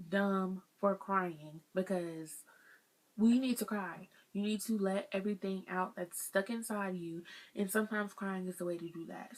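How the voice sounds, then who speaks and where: A young woman, talking through life lessons to her viewers in a casual, earnest vlog and calling them y'all. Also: medium pitch. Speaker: vlogger sharing life lessons.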